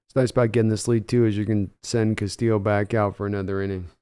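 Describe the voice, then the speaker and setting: Smooth-voiced man calling baseball live. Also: lowish voice, quick pace. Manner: excitable home run calls, chatty while reading chat. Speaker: live stream host reacting to a baseball game. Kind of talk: casual live play-by-play and chat.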